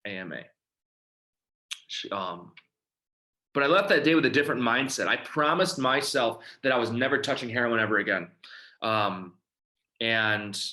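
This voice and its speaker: A man speaks in a fairly low, bright and forceful voice. He tells a personal testimony haltingly, leaning on fillers and letting his words drop quiet at the ends of phrases. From Detroit, Michigan. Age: 30s. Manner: halting storytelling, many fillers, often trailing quiet. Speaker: recovery outreach speaker.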